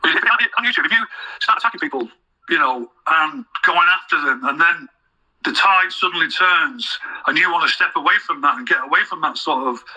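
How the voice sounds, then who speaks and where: A man's voice: a little high, lively intonation, moderate pace, bright, forceful tone, low-quality recording. A man gossiping scornfully about another online figure in casual chat.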